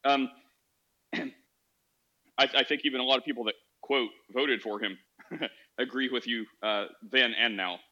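A man's voice: medium pitch, fairly even intonation, a little slow, pauses often, sharp tone, muffled recording. A man hosting a casual call-in podcast, talking animatedly and acting out quoted voices. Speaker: podcast host.

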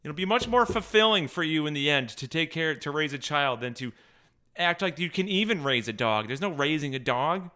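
A man's voice: a little high, animated, normal speed, sharp tone. A man ranting in an exasperated, sarcastic way, swearing constantly and stumbling over restarts when worked up. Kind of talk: profane comic rant.

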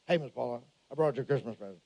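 A man's voice: medium pitch, rapid-fire, vocal fry, highs cut off, voice pushed down. A man voicing a good-natured male truck driver who mumbles and slurs his words. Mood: folksy. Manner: slurred, hard to understand.

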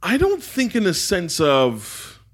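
A man from England with an American accent, a guest telling his story in a relaxed, reflective way and often saying "man". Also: high-pitched, takes it slowly. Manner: laid-back, reflective, peppers talk with "man". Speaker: podcast guest, poet and entrepreneur. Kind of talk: casual conversational interview.

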